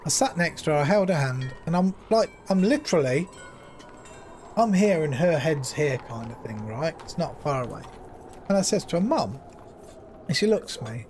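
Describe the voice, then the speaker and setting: A man's voice: on the high side, expressive, moderate pace, a little mellow, a little hiss or hum. A man in his fifties chatting casually to his stream viewers from home, rambling and retelling conversations with lots of repeats. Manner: rambling, repeats himself, retells dialogue with "I says". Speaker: live streamer.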